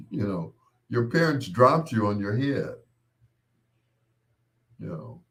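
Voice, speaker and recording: A man hosting his own show, telling rambling casual stories with laughs and quick mimicked voices of others. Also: fairly low pitch, big pitch swings. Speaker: podcast host. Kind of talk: casual storytelling monologue.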